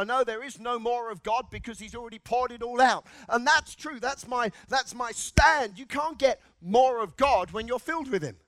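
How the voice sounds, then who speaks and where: A male preacher delivers an impassioned sermon in a church. His voice sits very high for a man, and he swings from quiet asides to full-throated shouts. The sound is dry and close. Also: no echo. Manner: impassioned, shouting in bursts, congregational call-and-response.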